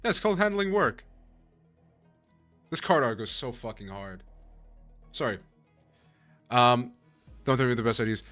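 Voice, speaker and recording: A man's voice: medium pitch, very animated, normal speed, long pauses, a bit bright, no room sound, soft background music. A man live-streaming a game, chatting with his viewers in a casual, profane way, laughing often and apologizing to chat.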